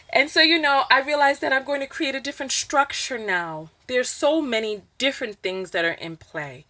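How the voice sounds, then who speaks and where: Bright-voiced emphatic New York woman. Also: fairly high pitch, brisk. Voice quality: emphatic, animated, rising to near-shouts when indignant. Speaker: vlogger. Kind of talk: candid opinion vlog.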